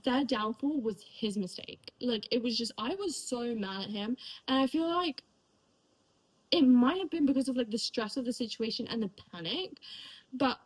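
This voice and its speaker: A woman's voice: a little high, moderate pace, low-quality recording. A young woman chatting casually about the books she read, rambling with lots of fillers and likes. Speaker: book reviewer. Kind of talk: casual chat.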